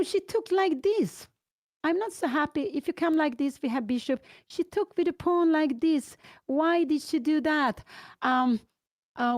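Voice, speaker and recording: Older Swedish-accented woman, chess commentator, excitable, slightly high voice. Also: no room sound. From Sweden. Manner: excitable, thinking aloud through move lines.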